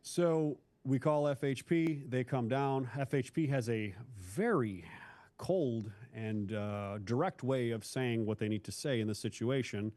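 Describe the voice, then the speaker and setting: As a guest on an interview, this man, an ex-cop from Northeast Ohio, recounts a difficult episode from his time on the force. He's casual, frank and blunt, addressing the host as bro, and his medium voice is a little slow with a darkish tone.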